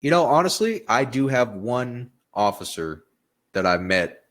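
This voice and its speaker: A young man telling stories in a casual podcast chat, swearing freely and animated. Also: mid-range voice, unhurried. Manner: profane, animated storytelling. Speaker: podcast guest, Marine veteran.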